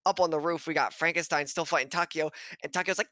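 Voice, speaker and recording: A man's voice: fairly high pitch, fairly even intonation, sharp tone, dry recording. A man co-hosting a podcast stream, recapping an episode in a casual, swear-filled ramble, laughing and briefly mimicking characters. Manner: swearing, laughing, acting out characters in quick voices. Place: home setup on a stream.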